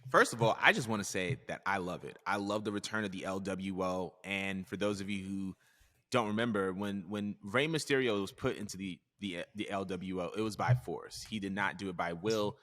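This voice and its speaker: A man's voice: low voice, normal speed, sharp tone, in a large hall. A man co-hosting a podcast in casual chat, steering the show and reading out the news items. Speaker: podcast co-host.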